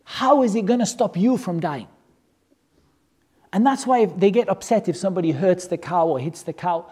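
A religious teacher telling a story to a class, animated and joking, asking many rhetorical questions. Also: medium pitch, moderate pace, breathy edge.

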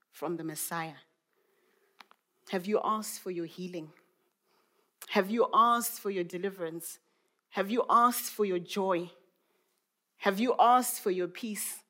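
A woman's voice: lowish voice, fairly bright tone. A woman, a mother, preaching a sermon in a reflective way, musing aloud with many rhetorical questions. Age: adult mother.

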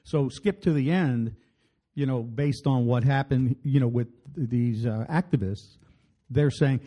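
A man co-hosting a podcast, cracking wry puns and reading a statement aloud haltingly in casual chat. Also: medium pitch. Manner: wry, deadpan punning, reads aloud haltingly. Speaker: podcast co-host.

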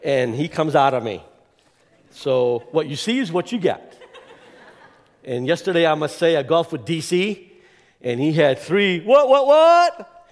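A man giving an energetic, rambling address as guest speaker in a church, with lots of fillers and emphatic repeats. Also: a little high, a little slow, long pauses. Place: church sanctuary. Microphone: clip-on mic that keeps slipping. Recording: echoey church hall.

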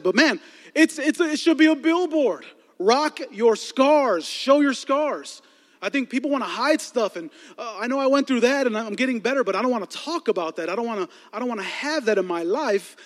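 High-pitched pastor preaching, cracking jokes to the crowd, big echoey hall. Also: male voice. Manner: storytelling with comic asides to the congregation. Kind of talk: sermon. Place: large church hall. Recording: long hall reverb.

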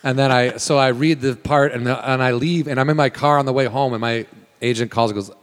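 A man's voice: mid-range voice, steady tone, fairly quick, big-room sound. A man, a working actor, telling a casual story with lots of swearing and quoted voices. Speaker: guest actor.

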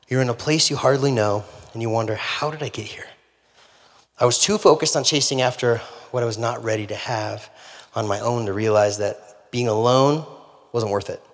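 A man preaching a sermon, telling a humorous story in an animated way. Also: mid-range voice. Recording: long hall reverb.

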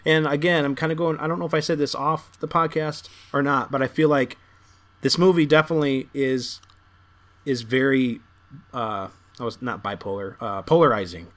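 A man's voice: medium pitch, fairly even intonation, normal speed, fairly bright tone. A man co-hosting a podcast in a casual movie discussion, thinking aloud with many hesitant restarts. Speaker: podcast co-host.

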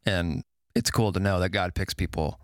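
A man's voice: sits low, fairly even intonation, normal speed, no echo, clean studio sound. Upbeat man hosting a podcast. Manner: upbeat, questioning, teasing. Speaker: podcast host. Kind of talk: casual chat.

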